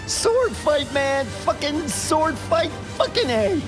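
A crude, excitable young film nerd, as a man puts him on, ranting and swearing as he talks. The voice sits a touch high for a man, with faint music underneath. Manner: fast, profane, animated rant. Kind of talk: audio drama acting.

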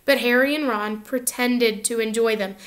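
A woman narrating a children's novel aloud in an expressive, lively reading style. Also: fairly high pitch, moderate pace. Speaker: audiobook reader. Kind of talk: storybook narration.

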